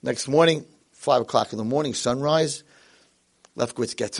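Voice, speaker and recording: A man's voice: medium pitch, normal speed, creaky, long pauses. Male speaker, inspirational talk, dramatic storytelling delivery. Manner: dramatic storyteller who acts out voices. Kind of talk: sermon-like storytelling speech.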